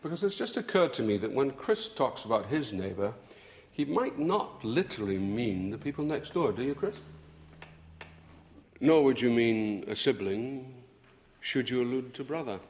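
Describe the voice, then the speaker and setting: An actor playing a senior male consultant who speaks in a measured, lecturing way. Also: mid-range voice, expressive, darkish tone, natural voice. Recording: roomy reverb.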